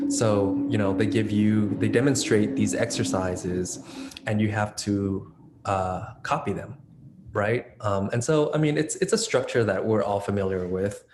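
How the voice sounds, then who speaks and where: A man's voice: lowish voice, a little mellow, slight background noise. A man in his thirties speaking as an interview guest, talking casually with many fillers and restarts. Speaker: interview guest, dance choreographer. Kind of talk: conversational interview.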